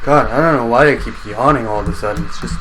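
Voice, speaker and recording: A man's voice: mid-range voice, fast talker, a bit bright, a little hiss or hum. A man giving casual let's-play commentary on his own game, rambling and chatty, joking with the enemies as they come at him.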